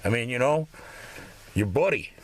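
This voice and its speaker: A man's voice: mid-range voice, lively intonation, normal speed, dry recording. A man in his fifties ranting bitterly in a rambling, profanity-laden monologue. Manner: bitter, rambling, swears constantly. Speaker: vlogger.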